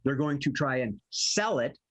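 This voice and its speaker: A man hosting an improv comedy show with playful, jokey patter and a slightly husky voice. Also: mid-range voice, lively intonation, moderate pace, fairly bright tone. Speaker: improv host.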